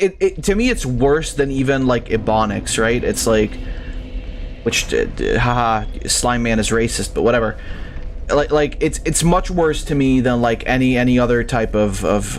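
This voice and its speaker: A man's voice: mid-range voice, slight background noise. A young man streaming a game, chatting casually in a rambling, profane, ranting way. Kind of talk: casual live-stream commentary.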